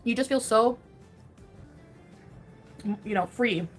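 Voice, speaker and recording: A woman's voice: fairly high pitch, takes it slowly, soft background music. A woman livestreamer chatting casually with viewers, rambling and laughing at herself.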